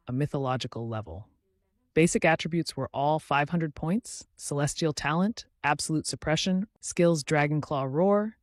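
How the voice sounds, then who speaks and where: A man narrating a comic story recap in a brisk, matter-of-fact scripted way. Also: on the high side, no room sound, clean studio sound.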